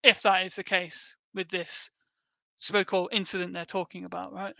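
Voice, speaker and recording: A British man talks through a sweary, meandering rebuttal on his stream, often breaking into laughter. His voice is bright and crisp. The recording is close and dry. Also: sits high, flat delivery, normal speed, no echo. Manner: profane, rambling, laughs often. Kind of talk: casual livestream rebuttal.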